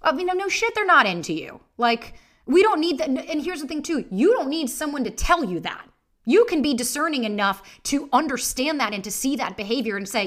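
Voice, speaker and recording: A young woman talks straight into her podcast mic, her voice bright and a little high. She is blunt and animated, dishing out tough-love dating advice and swearing freely. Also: brisk. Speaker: podcast host and dating coach. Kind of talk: casual solo podcast monologue.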